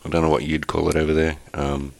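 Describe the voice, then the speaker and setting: A man's voice: very deep voice, level tone, fast talker, gravelly, no room sound. An Australian man co-hosting a podcast, chatting in a laid-back, rambling way with lots of ums. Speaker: podcast co-host. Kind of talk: casual chat.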